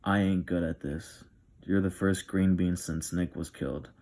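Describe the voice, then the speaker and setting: A brash young man in charge, rough and slangy in how he talks, voiced by a man reading aloud. The voice sits very low with a gravelly edge. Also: fairly even intonation, a little slow, darkish tone. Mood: gruff. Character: brash gruff young male leader of boys.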